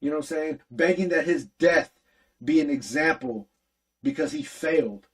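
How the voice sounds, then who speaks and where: A man's voice: a little high, moderate pace, husky, low-quality recording. A man hosting a casual podcast, recapping an episode in a slangy, profane storytelling way and acting out the characters' lines. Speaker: podcast host recapping an animated series.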